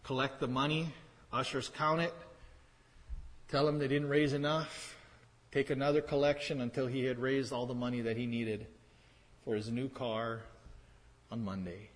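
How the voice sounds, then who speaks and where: A man preaching to his congregation, talking plainly with dry asides and driving his points home through repetition. His voice sits at an ordinary middle pitch. The sound carries a long reverb, as from a church hall. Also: fairly even intonation, normal speed, long pauses. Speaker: pastor. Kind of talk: sermon.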